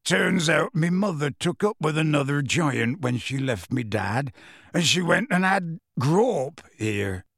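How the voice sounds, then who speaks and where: A man voicing a big, bearded half-giant man who speaks in rough, homely grammar, earnest and close to tears. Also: a little high, animated, a little slow, a bit bright, dry recording, full character voice. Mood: earnest, pleading.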